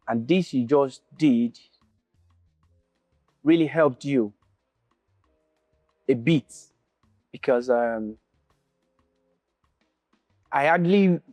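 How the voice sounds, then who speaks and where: A man judging an acting contest, giving feedback in a halting, hesitant way. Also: mid-range voice, mellow, no room sound. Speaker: talent show judge.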